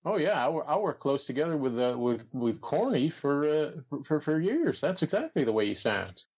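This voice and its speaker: A man's voice: on the high side, very animated, moderate pace, a little mellow, highs cut off. A man doing a folksy commentator. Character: male wrestling commentator impressionist, folksy. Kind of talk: comedy podcast impression.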